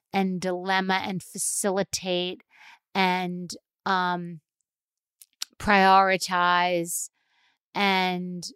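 A woman's voice: on the low side, smooth, no room sound. Fired-up woman ranting, dry close mic. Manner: animated, mocks a calm whispery customer-service voice. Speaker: podcast host. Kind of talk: solo ranting podcast talk.

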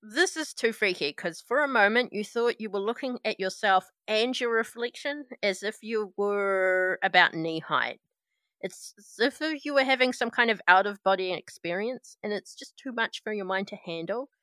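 Bright, crisp woman narrating a game. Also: mid-range voice, normal speed, no room sound. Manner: lively, descriptive storytelling. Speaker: game master.

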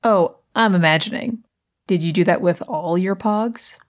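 A dry, sarcastic young woman, endlessly exasperated with her roommates, as played by a woman. Her voice sits slightly low, and her lines are from a comedy audio play. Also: measured pace, natural voice.

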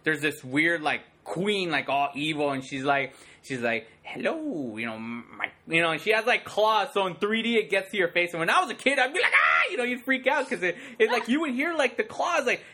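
A man in his thirties in casual chat, rambling excitedly, packing his talk with "like" and acting out sound effects. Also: sits high, brisk, few pauses.

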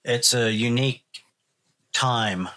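A man in an interview, speaking in a measured, reflective way about caring for older people. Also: mid-range voice, bright, forceful tone. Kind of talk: conversational interview.

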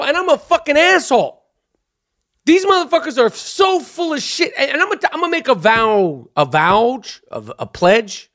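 Podcast host, middle-aged man, high voice, brash and foul-mouthed rant. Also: fairly bright tone. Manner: brash, profane, heated ranting.

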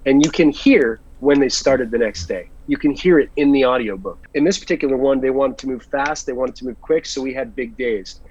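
A man, a working actor, chatting in an interview and telling lively stories about his work in an earnest, animated way. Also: mid-range voice, brisk, hardly any pauses, slight background noise. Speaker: guest actor. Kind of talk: casual interview chat. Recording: dull lo-fi sound.

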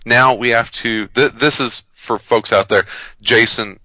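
A man's voice: mid-range voice, steady tone, a little slow, bright, forceful tone, no echo, poor audio. A man co-hosting a podcast in casual chat, brash and teasing, with some swearing. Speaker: podcast co-host.

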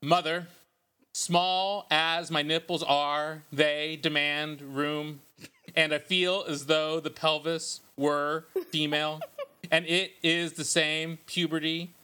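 A man voicing a pretentious poet at a reading, in a slow, solemn sing-song cadence. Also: on the high side, sharp tone, clean tone.

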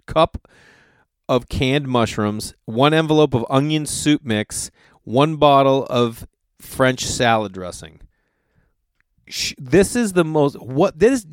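A man's voice: medium pitch, dry recording, clean studio sound. A middle-aged man, chatting casually as a host and reading old recipes aloud with incredulous, swearing commentary. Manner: incredulous, exasperated riffing with swearing.

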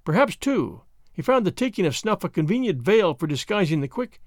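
Expressive man narrating an audiobook. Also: sits high, fairly quick, dry recording, clean studio sound. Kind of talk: scripted narration.

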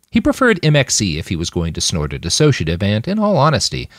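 Deep voiced guy reading an audiobook, swoops all over, super dry close mic. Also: dry recording. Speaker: narrator. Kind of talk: audiobook narration.

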